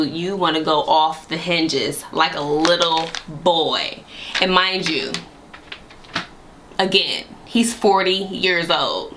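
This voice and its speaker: A young adult woman vlogger telling a casual storytime, animated and sassy, full of slang and asides to her viewers. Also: fairly low pitch, unhurried. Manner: animated, sassy, slangy retelling with frequent laughs.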